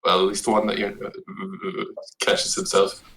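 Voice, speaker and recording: A man's voice: lowish voice, flat delivery, a little slow, a bit bright, poor audio. A man playing his character in a tabletop game, hesitant and evasive, with many fillers. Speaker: player.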